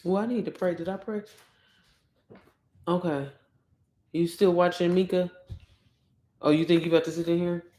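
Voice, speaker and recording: A woman, chatting excitably on a casual livestream and talking straight to her viewers. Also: lowish voice, normal speed, pauses often. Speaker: online course promoter. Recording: echoey room.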